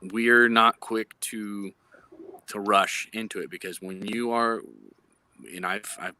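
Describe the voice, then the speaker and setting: A man's voice: on the low side, fairly even intonation, slow, bright, forceful tone. A man in law enforcement speaking as a guest in a live chat over a phone, earnest and explanatory, often searching for words.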